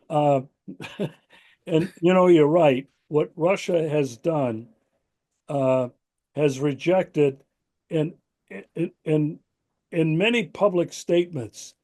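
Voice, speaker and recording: A male host leads a political interview in a somewhat high but mellow voice. He speaks in a measured way, pausing and restarting as he builds his questions. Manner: measured, with many fillers and restarts.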